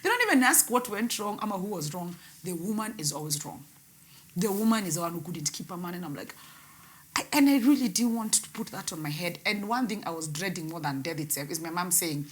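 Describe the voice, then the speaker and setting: Her voice lowish and lively, speaking fairly quickly, a young woman recounts a painful personal story in an interview. She swings between loud outbursts and quiet words, with a guest and radio host involved.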